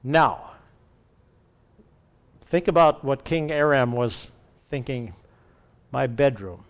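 A male pastor preaching and reading scripture aloud, expressive and acting out quoted speech. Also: a little high, takes it slowly, smooth. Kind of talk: sermon with Bible reading.

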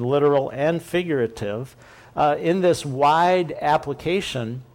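A man delivers a sermon-style Bible teaching, his voice sitting a little high for a man. He explains patiently and thinks aloud, circling back to rephrase his points.

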